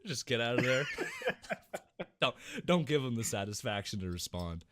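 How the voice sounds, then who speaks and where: A young man tells a gaming story as a podcast co-host, his voice bright and swinging through a wide range. He swears freely and acts out the voices and gunfire himself. The sound is dry and close. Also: mid-range voice, wildly swooping pitch, unhurried, no room sound. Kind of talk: casual gaming story chat.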